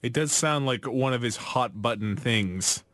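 A man co-hosting a casual radio chat, dry and teasing. He has a mid-pitched voice with a close, dry studio sound. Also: unhurried, a bit bright, dry recording. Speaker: radio co-host.

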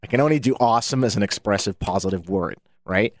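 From a studio microphone, an English man hosts a radio talk show full of dry, self-mocking banter. He speaks fast in a lowish voice, with no echo on the recording.

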